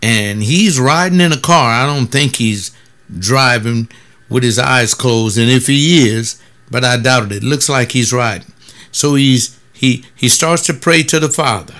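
A man giving preachy, scornful commentary on a video, mixing quick asides with slow, heavily stressed words. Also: medium pitch, fairly bright tone.

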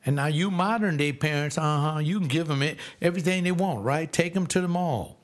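A man's voice: fairly high pitch, brisk. A man in his seventies preaching a sermon, emphatic and repetitive, often acting out voices. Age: 70s.

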